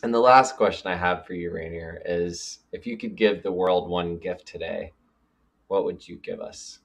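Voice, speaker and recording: A man with a low voice hosts a podcast. He asks his questions and keeps encouraging his guest with short affirmations. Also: fairly even intonation, moderate pace, vocal fry, husky. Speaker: podcast host. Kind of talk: casual podcast interview.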